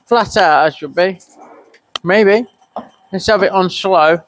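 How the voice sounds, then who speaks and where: A man's voice: sits high, slow pace, a bit bright, a little hiss or hum. A middle-aged man, giving a muttered, swearing running commentary as he works in a cold workshop. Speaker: custom motorcycle builder.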